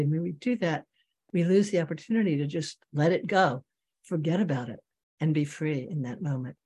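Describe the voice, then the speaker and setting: A meditation teacher giving a dharma talk and guiding a meditation, speaking slowly and in measured phrases with long pauses. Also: medium pitch, a little mellow, husky.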